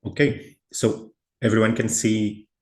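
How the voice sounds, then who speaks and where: A man's voice: fairly low pitch, little pitch movement, a little slow. A man giving a presentation on a video call, hesitant and full of fillers and restarts. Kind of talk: online meeting presentation.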